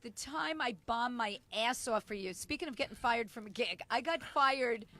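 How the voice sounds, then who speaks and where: High bright-voiced woman comic. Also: moderate pace. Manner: animated storytelling, acting out quotes; swears freely. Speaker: stand-up comedian; podcast co-host. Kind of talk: casual chat.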